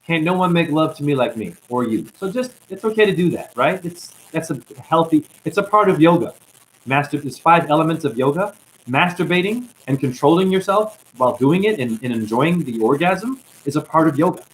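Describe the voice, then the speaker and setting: A man's voice: fairly high pitch, animated, brisk, slight background noise, rough recording. A man giving an impassioned spiritual monologue as a self-styled teacher, ranting at his viewers and calling them honey. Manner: ranting, calls listeners honey.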